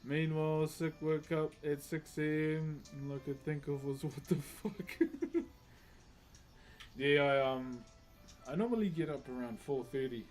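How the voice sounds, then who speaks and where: A man's voice: on the high side, unhurried, faint music behind. A man with a New Zealand accent chatting casually on a live stream while he works. He is laid-back, reads viewer comments aloud, laughs often and calls people "bro" constantly. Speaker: livestreaming wood carver.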